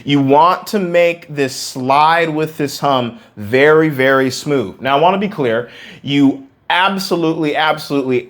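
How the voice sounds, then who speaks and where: An emphatic male vocal coach explains singing technique straight to his students. He leans on repeated words for stress. Now and then he drops into a quick sung demonstration before going back to talking. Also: medium pitch. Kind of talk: singing lesson to camera.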